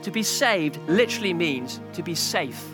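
A man's voice: sits high, lively intonation, moderate pace, music in the background. A male pastor preaching a sermon, telling a story and building to a passionate climax.

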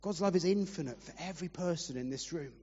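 A man's voice: on the high side, fast talker, a little mellow. A man preaching a sermon as pastor, earnest and pleading, at times emotional. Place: church hall. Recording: reverberant church hall, muffled.

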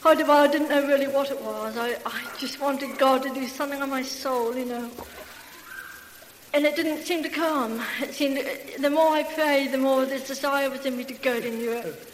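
A woman's voice: high-pitched, steady tone, normal speed. A woman giving a church testimony, effusive and full of hallelujahs. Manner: effusive, bubbling with hallelujahs and laughter. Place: large hall. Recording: echoey hall with faint hiss.

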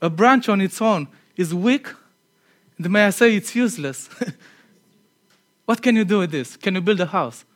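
A man with a high voice gives a conversational sermon to a congregation. He is earnest but chatty, laughs easily at himself, and sinks into a quiet, low tone when he wants a point to land. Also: lively intonation, normal speed, long pauses. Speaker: preacher.

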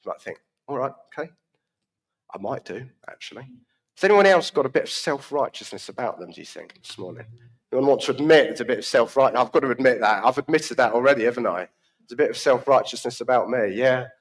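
A man's voice: medium pitch, lively intonation, fast. A man giving a conversational sermon in a church service, often asking the congregation questions. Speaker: preacher.

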